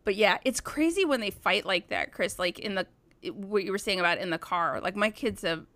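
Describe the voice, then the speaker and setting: A woman's voice: medium pitch, normal speed, a bit bright. A woman in casual chat as a podcast co-host, blunt and swearing freely.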